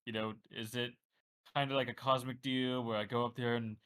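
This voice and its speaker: A man's voice: medium pitch, little pitch movement, a little fast, a bit bright, clean tone. A male player speaking in character at a tabletop game, in a middling everyday voice. He hesitates often and restarts words, feeling his way through each line. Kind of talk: tabletop role-play in character.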